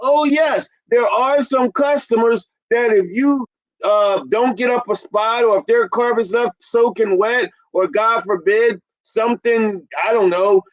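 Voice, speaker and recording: A man in his fifties, a business consultant, talking emphatically to an audience he calls ladies and gentlemen. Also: very high-pitched, steady tone, measured pace, highs cut off. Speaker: carpet cleaning business consultant. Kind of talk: promotional business talk.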